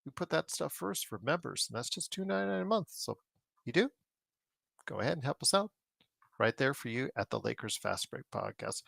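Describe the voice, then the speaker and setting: A man's voice: medium pitch, a little fast, gravelly, no echo. A man hosting a sports podcast in casual, rambling chat, joking as he plugs the show. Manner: rambling, animated, jokey plugs. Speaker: podcast host.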